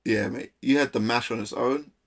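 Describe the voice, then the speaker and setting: A man from London with a London accent, casually chatting and reacting to a video on a live stream in a slangy, animated way. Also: medium pitch, normal speed, noisy background.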